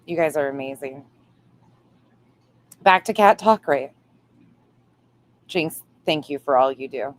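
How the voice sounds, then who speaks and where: Woman host, deep voice, reads chat aloud, playful cussing. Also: slow pace, long pauses. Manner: reads viewer comments aloud, swears playfully. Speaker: livestream host reading chat. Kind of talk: casual livestream chat.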